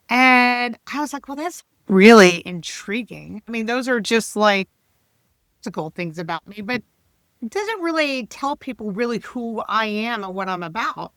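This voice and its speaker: Woman, 50s, coach guest. Bright, smooth voice, chatty and animated, dry sound. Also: a little high, unhurried, dry recording. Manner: chatty and animated, with laughs and restarts. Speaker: leadership coach, podcast guest. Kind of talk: casual podcast interview.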